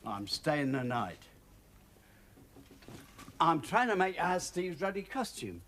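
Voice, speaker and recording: A man's voice: on the high side, sing-song, slow pace, a bit bright, a little hiss or hum, full character voice. An actor playing a grumbling, lecturing older grandfather in a TV drama. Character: gruff older grandfather, fussing. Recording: TV soundtrack with music behind.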